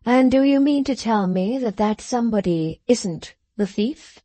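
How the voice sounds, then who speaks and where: A woman voicing a hard, sharp-tongued woman clerk in a storybook reading, blunt and scornful. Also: fairly high pitch, animated, measured pace, no room sound. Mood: triumphant.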